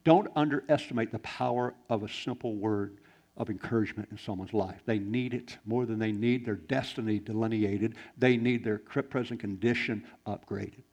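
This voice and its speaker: Male pastor, gravelly tone, swings from loud bursts to near-whispers, sermon delivery. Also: lowish voice, normal speed. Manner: animated preaching, swings from loud exclamations to hushed quiet.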